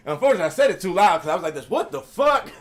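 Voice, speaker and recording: A man's voice: a little high, racing. A man telling a profane story on a live stream, acting out the quotes. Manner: animated, acts out quotes, profane. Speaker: guest storyteller.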